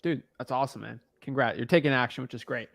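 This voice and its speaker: A man's voice: mid-range voice, quick pace, creaky, fairly bright tone, no echo. A man coaching a newcomer on real estate wholesaling in a casual, blunt, slangy way.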